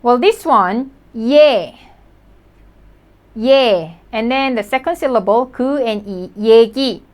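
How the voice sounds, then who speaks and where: A woman's voice: fairly high pitch, lively intonation, a little mellow. Patient woman teaching a language lesson. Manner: patient, repeats each word slowly for practice.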